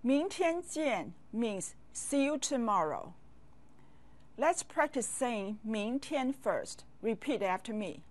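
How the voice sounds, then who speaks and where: A woman teaching a language lesson, speaking slowly and patiently and pausing for learners to repeat after her. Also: a little high, big pitch swings. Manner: slow, patient drills with pauses for repeating.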